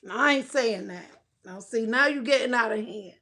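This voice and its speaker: A woman at home livestreaming and chatting casually with her viewers, loud and joking, cursing and talking back to the chat. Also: fairly high pitch, normal speed.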